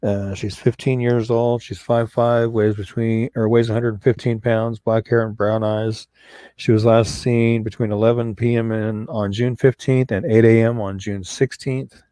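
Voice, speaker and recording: A co-host of a live talk show about missing people speaks in a fairly low, warm, smooth voice with flat delivery at normal speed, recorded without echo. His casual live-stream talk is earnest and folksy, and he often repeats himself.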